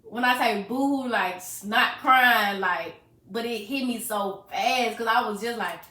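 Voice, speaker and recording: A young woman with a bright, forward voice tells a hard story in a lively, animated way, acting out the people in it. Her voice rings in a roomy space. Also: fairly high pitch, a little slow. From Arkansas. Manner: animated retelling, acts out quoted voices, swears freely. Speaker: podcast co-host. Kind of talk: casual emotional storytelling. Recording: roomy echo.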